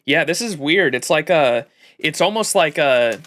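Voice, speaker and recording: A man's voice: fairly high pitch, lively intonation, measured pace, a bit bright. A young man streaming a game live, chatting casually, laughing and reading dialogue aloud. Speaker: gaming streamer. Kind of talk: live game playthrough commentary.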